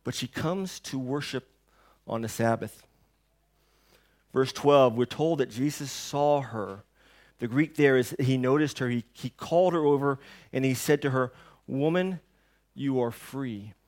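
A male pastor preaching a sermon in a church, rising to loud emphasis and then dropping to a hush, often asking the congregation rhetorical questions. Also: mid-range voice, a little slow. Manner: dynamic preaching, swings between hushed and loud.

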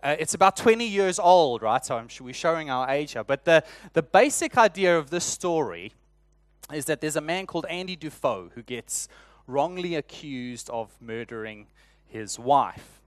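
Animated and a little high-voiced, a South African church elder in his thirties tells stories through his sermon with friendly humor and frequent restarts. He speaks at a moderate pace, with no echo.

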